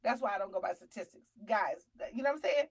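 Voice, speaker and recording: A middle-aged woman hosting a casual talk show, animated and preachy, now and then shouting out names. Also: medium pitch, quick pace, husky, rough recording. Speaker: show host.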